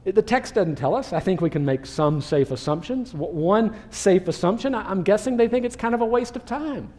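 Pastor with a dark, mellow voice. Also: male voice, high-pitched, brisk. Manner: animated preaching, acts out quoted speech. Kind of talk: sermon.

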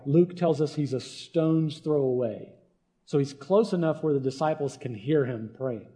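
A man's voice: mid-range voice, warm tone. A man preaching a sermon as a pastor, earnest and conversational, often checking in with the congregation.

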